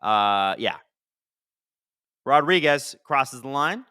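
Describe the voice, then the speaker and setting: A man hosting a live watch-along of a hockey game, chatting casually and reacting excitedly to the plays. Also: medium pitch, takes it slowly, clean tone, no room sound, studio quality. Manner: chatty, excitable, swears casually, talks to chat. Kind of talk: casual live-stream commentary.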